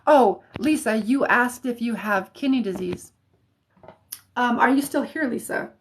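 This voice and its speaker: A woman's voice: a little high, measured pace, slight background noise. An American woman chatting on a livestream as a psychic reader, talking casually with many fillers and restarts.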